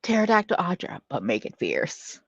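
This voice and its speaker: A woman's voice: lowish voice, wildly swooping pitch, moderate pace, breathy edge, dull audio. A woman hosting a casual livestream, reading out chat, laughing often and swearing freely. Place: at home.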